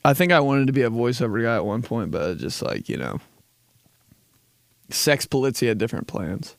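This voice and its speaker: A man's voice: medium pitch, big pitch swings, normal speed, creaky, no room sound, studio quality. A young man hosting a casual comedy podcast, rambling with frequent laughs, swearing and bursts of silly put-on voices. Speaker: podcast host.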